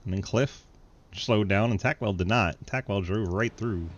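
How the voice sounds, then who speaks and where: A man giving live, joking play-by-play commentary on an online race, laughing often and getting excited at crashes. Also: on the low side, moderate pace, dull audio, a little hiss or hum. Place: home setup, online sim race broadcast.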